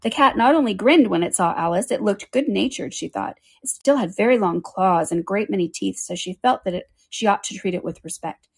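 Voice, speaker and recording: A woman reading a children's book aloud in a plain, steady storytelling manner. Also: mid-range voice, fairly quick, few pauses, slightly rough.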